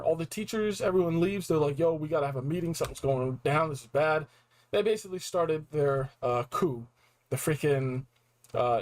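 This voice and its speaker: A young man reviewing a video game in a casual, excited recap, full of slang and acted-out reactions. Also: mid-range voice, rough recording. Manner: animated, slangy, acts out reactions.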